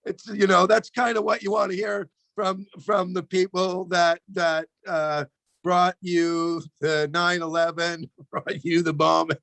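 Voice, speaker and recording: A man's voice: high voice, flat delivery, unhurried, creaky, fairly bright tone, no echo. A man co-hosting a call-in show, chatting loosely and comically, swearing and laughing as he goes. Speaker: comedian co-host. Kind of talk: casual comedic chat.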